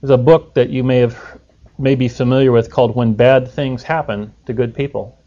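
A man's voice: mid-range voice, fairly even intonation, moderate pace, dark tone. Man preaching on a dull lo-fi recording. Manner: conversational, asks the listeners rhetorical questions. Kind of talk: sermon.

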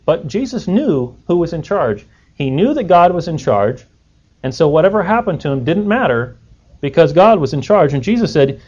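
A man's voice: fairly high pitch, big pitch swings, normal speed, a little mellow, breathy edge. A man preaching a sermon in a conversational way, putting rhetorical questions to his listeners. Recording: dull lo-fi recording.

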